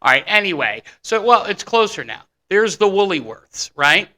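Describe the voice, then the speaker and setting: Male talk radio host, bright sharp tone, excitable, rambling banter. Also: high-pitched, moderate pace.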